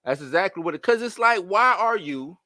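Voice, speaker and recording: Live-stream host, man, bright high voice, exasperated rhetorical rant, dry close sound. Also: brisk, no echo. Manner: animated, rhetorical questions, exasperated. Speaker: host of a live movie-news show. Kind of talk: casual live-stream commentary.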